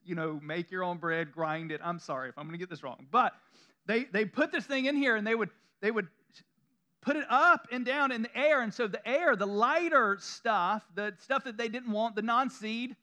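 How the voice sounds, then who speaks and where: A man's voice: sits high, normal speed, sharp tone. A man from the American South with a Southern accent, preaching a conversational sermon to a congregation, chuckling often and making self-deprecating asides. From Southern United States. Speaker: pastor. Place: church room before a congregation.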